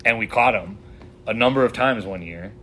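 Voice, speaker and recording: A man's voice: lowish voice, moderate pace, fairly bright tone, slight background noise. A man who guides fly fishing, telling stories casually in a podcast interview, rambling with many fillers.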